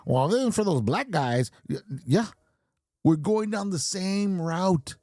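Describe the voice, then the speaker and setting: A man's voice: sits high, lively intonation, slow pace, mellow, no room sound, clean studio sound. A man in his fifties hosting a podcast, delivering a blunt, swear-filled rant and laughing at his own points. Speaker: podcast host. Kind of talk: profane ranting monologue.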